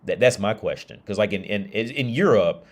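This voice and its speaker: A man's voice: fairly low pitch, expressive, moderate pace. An American man in a casual, rambling livestream monologue, swearing freely, laughing often and restarting his sentences. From United States.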